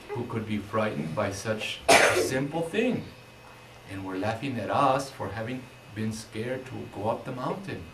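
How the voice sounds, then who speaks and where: A bilingual teacher telling a story to schoolchildren, slow and emphatic, lifting his voice for the voices of villagers. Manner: animated, slow and emphatic, rising pitch for quoted villagers. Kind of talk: storytelling to children. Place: school classroom. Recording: echoey classroom from far off, noisy.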